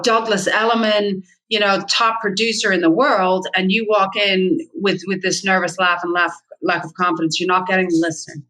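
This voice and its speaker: Middle-aged woman, blunt and emphatic, bright forceful tone, candid interview guest. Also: mid-range voice, rough recording. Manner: blunt, emphatic, repeats key points. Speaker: real estate agent, guest.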